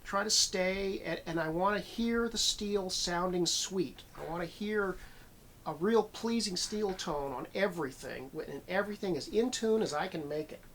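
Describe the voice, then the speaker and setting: A man's voice: high voice, moderate pace, fairly bright tone, slight background noise. A man giving a steel guitar lesson, thinking aloud with many fillers and restarts. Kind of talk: instructional talk between playing.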